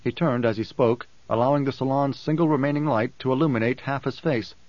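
A male audiobook narrator reading in an even, measured way. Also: medium pitch, no room sound, muffled recording. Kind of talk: scripted narration.

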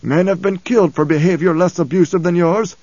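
A man's voice: high-pitched, fairly even intonation, a little fast, a little mellow, slightly rough, no echo, dull audio, voice pushed up. A man voicing a stern, menacing older noble adviser.

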